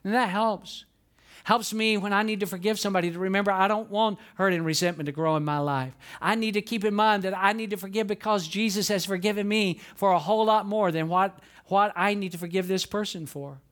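A high-pitched man preaching a sermon as a pastor. He tells stories with lively bursts of feeling, then drops to soft, earnest asides. He sounds middle-aged. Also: a little fast. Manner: storytelling, swings from animated outbursts to hushed earnest tones.

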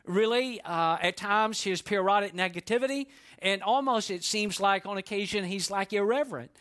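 Male pastor, bright and slightly high voice, folksy conversational sermon delivery. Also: normal speed. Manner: folksy storytelling, conversational asides. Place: church.

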